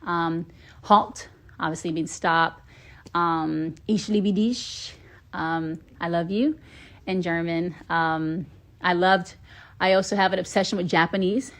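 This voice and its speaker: Woman from georgia chatting on a phone live stream, kinda low voice, playful, lots of ums. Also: slow pace, fairly bright tone. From Atlanta, Georgia, US. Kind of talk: casual live stream chat.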